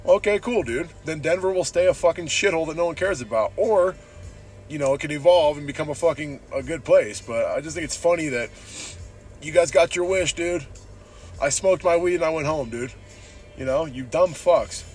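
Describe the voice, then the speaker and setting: A man's voice: a little high, moderate pace, a little mellow, faint music behind. A man from San Diego hosting a podcast from his car, ranting casually and profanely, saying "dude" constantly. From San Diego, Southern California. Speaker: podcast host. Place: in a car while driving.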